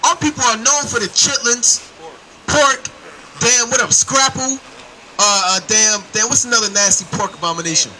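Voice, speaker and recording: A man's voice: very high voice, moderate pace, sharp tone, slight background noise, low-quality recording. A man preaching on the street, emphatic and calling to his listeners as brother and man.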